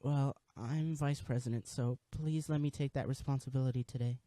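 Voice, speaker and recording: A man voicing a timid, bookish teenage girl who speaks softly and stammers as she goes. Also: medium pitch, fairly even intonation, normal speed, dry recording, lightly acted. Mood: timid, pleading. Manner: hesitant, stammering, soft-spoken.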